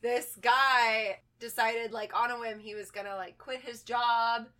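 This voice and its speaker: A woman's voice: a little high, little pitch movement, a little slow, sharp tone. A woman co-hosting a podcast, telling stories in casual, swear-filled chat with many likes. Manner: chatty storytelling, swears often, says like a lot. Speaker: podcast co-host.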